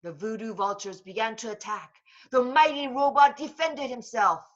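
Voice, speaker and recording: A woman reading a children's book aloud in a slow, expressive voice. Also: on the high side, highs cut off. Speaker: storybook reader.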